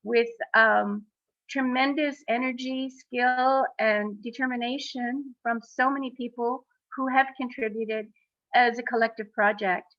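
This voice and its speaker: A woman's voice: fairly high pitch, steady tone, dry recording. Earnest woman on a dull video call. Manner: earnest, halting, with many fillers. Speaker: exhibition co-founder. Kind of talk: speaking on a panel.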